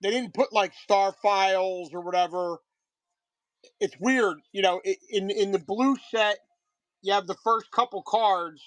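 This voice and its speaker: A man's voice: sits high, a little slow, no room sound. A man in his thirties selling trading cards on a live stream, chatting casually in a rambling way with frequent restarts. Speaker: card seller on live stream.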